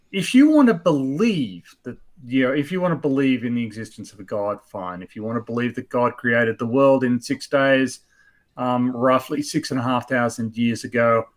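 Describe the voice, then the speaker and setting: A man in his fifties hosting a casual chat, blunt and rambling with many fillers. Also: mid-range voice. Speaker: host.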